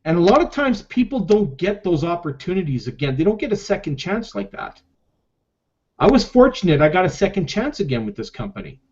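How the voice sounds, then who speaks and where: A middle-aged man in a personal vlog, talking emotionally and haltingly about his own comeback, often repeating himself. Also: high-pitched, big pitch swings, slightly rough. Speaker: network marketer sharing his story. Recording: dull lo-fi recording.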